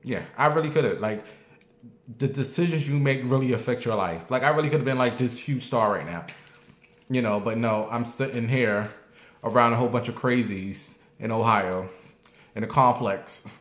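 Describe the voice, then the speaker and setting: A man's voice: mid-range voice, moderate pace. A man in his forties talking bluntly and profanely to his viewers in a casual, preachy rant. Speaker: vlogger. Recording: echoey room.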